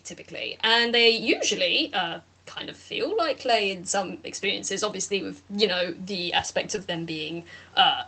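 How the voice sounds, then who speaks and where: A woman narrating as game master of a tabletop role-play, rambling and animated, with casual swearing. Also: medium pitch.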